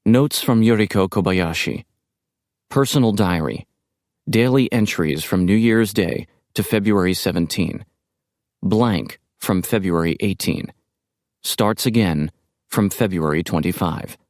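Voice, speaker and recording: A man narrating an audiobook in a measured, even delivery. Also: sits low, no room sound, clean studio sound.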